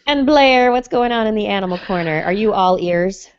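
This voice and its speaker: A woman's voice: medium pitch, lively intonation, moderate pace, clean tone, highs cut off. A woman hosting a science podcast, chatty and jokey, reading news stories with playful asides. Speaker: podcast host. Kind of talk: casual science podcast chat.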